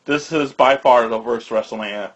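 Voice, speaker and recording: A man's voice: mid-range voice, normal speed, a bit bright. A man co-hosting a casual podcast, opinionated and arguing his points. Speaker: podcast co-host. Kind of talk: casual chat. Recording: slightly dull lo-fi sound.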